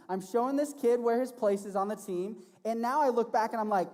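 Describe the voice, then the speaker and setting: A man preaching as a youth pastor to teenagers, casual and animated, often checking in with "right?". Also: sits high, brisk, few pauses. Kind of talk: sermon to teenagers. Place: church hall. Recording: long reverb of a large hall.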